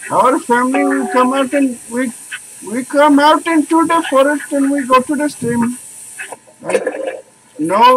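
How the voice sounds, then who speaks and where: A man's voice: very high-pitched, a bit bright, slight background noise, low-quality recording. A man chatting casually in a family vlog, playful and prone to sing-song repetition, outdoors by a forest stream. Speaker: family vlogger.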